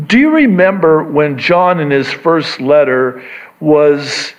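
A man preaching a sermon, unhurried, repeating key words and swinging between quiet asides and raised emphasis. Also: fairly high pitch. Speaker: pastor. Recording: dull lo-fi recording.

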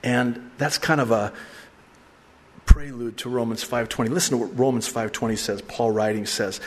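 A middle-aged male pastor giving a conversational, animated sermon with asides and laughter. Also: medium pitch, moderate pace, big-room sound, slight background noise. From raised by an Arab mother.

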